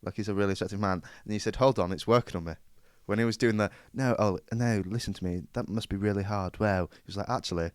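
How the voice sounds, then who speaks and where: Fast-talking low-voiced young man. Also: clean tone, no room sound. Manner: quick, teasing, argumentative. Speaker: podcast co-host. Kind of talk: casual chat.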